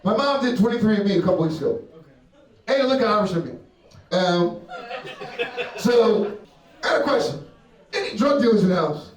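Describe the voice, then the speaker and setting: On stage at a comedy club, a young man delivers a brash, foul-mouthed set, playing to the crowd and cracking himself up. He speaks in a high, animated voice at a moderate pace, with long pauses. The recording is distant and roomy, with the crowd present.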